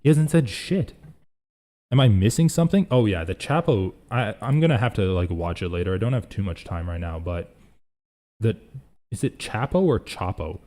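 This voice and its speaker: A man's voice: lowish voice, expressive, moderate pace, dark tone. A young man hosting a casual live reaction stream, rambling and thinking aloud as he reads chat.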